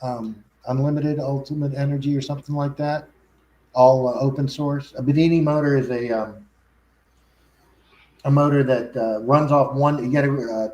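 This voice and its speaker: Talk show guest, male, mid-pitched, rambling delivery full of restarts. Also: a little mellow, rough recording. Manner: rambling, frequent restarts and self-corrections. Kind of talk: casual chat.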